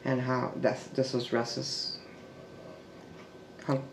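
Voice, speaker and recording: A man with a gravelly, creaky voice recounts a family story in a halting, searching way. He restarts sentences often and sometimes sinks into a hush. He is recorded in an echoey room with a faint noise underneath. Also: mid-range voice, monotone. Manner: halting, with restarts and trailing fillers. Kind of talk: oral history storytelling.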